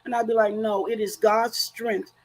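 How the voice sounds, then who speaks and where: A woman's voice: a little high, little pitch movement, normal speed, poor audio. A woman grief coach speaking earnestly and emphatically in a faith-based, preacherly way. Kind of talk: faith-based conversational talk.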